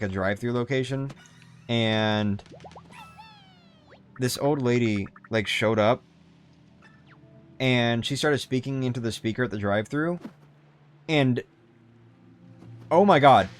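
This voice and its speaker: A young man in his twenties chatting casually on a game livestream, rambling, swearing often and restarting his sentences. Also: mid-range voice. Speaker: game streamer. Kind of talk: casual gaming livestream chat.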